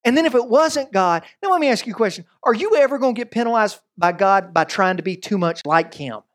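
A man preaching a sermon as pastor, conversational and animated, with quick asides and voiced quotes. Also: sits high.

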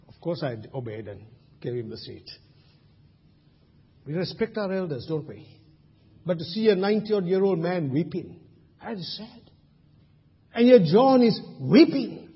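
A man's voice: high-pitched, lively intonation, moderate pace, pauses often, husky. A man from Sri Lanka preaching a sermon in a large church hall, emphatic, with rhetorical questions. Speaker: pastor. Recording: dull lo-fi sound with long hall reverb.

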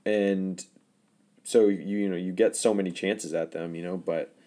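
A man's voice: sits low, fairly even intonation, a little slow, warm tone. A man co-hosting a podcast, chatting casually and enthusiastically, often trailing off with "you know.". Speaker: podcast co-host. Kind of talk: casual chat.

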